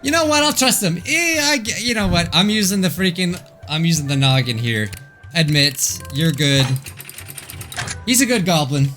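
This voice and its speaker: A man's voice: sits high, moderate pace. Young guy playing a game and joking around, voice all over the place, bit of music behind. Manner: excitable, joking, laughing. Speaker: gaming video host. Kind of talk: let's play commentary.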